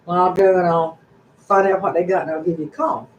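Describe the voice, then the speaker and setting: A woman's voice: on the low side, fairly even intonation, fairly quick, lo-fi sound, slight background noise. An older woman hosting a casual live-stream chat, rambling along in a folksy, chatty way. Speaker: channel host. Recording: echoey room.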